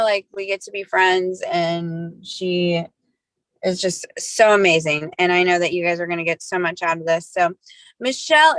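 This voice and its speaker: A woman's voice: mid-range voice, fairly bright tone, dry recording, low-quality recording. A woman hosting a podcast, introducing her guest in a chatty, gushing way full of fillers. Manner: chatty, gushing, many likes. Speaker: host.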